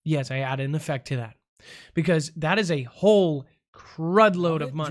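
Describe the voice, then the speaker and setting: This man's voice is on the high side and moves at a moderate pace as he hosts a comedy call-in news show. Tripping over words, he echoes them in silly voices and tosses off joking asides, the whole thing playing like a goofy news blooper reel.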